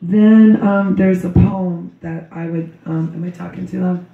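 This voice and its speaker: A middle-aged woman with a loud voice gives a slow, earnest memorial tribute to her daughter. She speaks religiously and wanders into asides as she recites a poem. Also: fairly low pitch, little pitch movement, vocal fry. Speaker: grieving mother giving a memorial tribute. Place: memorial gathering in a large room. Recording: echoey hall, distant dull mic.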